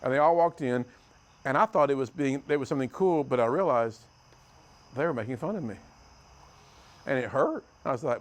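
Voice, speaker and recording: A middle-aged American man gives a motivational talk to a youth group, telling stories and swinging between loud and hushed. His voice sits at medium pitch and sounds animated, moving at a moderate pace with long pauses.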